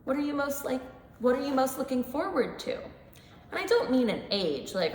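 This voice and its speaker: A young woman in her twenties leads a children's Bible lesson, telling stories with plenty of animation. Her voice sits fairly high and moves up and down a lot as she talks to the kids. The recording rings with the long reverb of a church sanctuary. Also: animated, moderate pace, darkish tone, a little hiss or hum. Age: 20s. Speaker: church school teacher.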